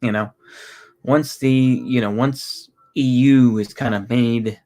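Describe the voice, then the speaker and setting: A man's voice: medium pitch, fairly even intonation, warm tone. Rambling Texan man chatting on a livestream. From Texas. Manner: rambling, halting, with many restarts and fillers. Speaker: livestreamer answering chat. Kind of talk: casual livestream chat.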